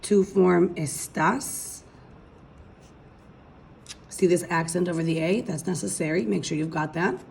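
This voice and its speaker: A woman's voice: fairly low pitch, steady tone, fast talker, creaky, hardly any pauses, darkish tone, a little hiss or hum. A woman teaching a recorded language lesson, explaining patiently step by step and checking in with her students. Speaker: Spanish teacher.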